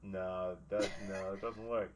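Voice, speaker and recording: A man's voice: low voice, little pitch movement, a little slow, noisy background. A young American man chatting casually on a podcast, blunt and sweary, with a dry, teasing way of talking. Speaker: podcast co-host. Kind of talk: casual chat.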